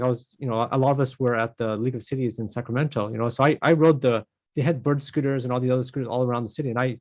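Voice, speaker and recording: A man's voice: medium pitch, a little mellow. Rambling councilman. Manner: rambling, many restarts and "you know". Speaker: city council member chairing the meeting. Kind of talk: council meeting discussion.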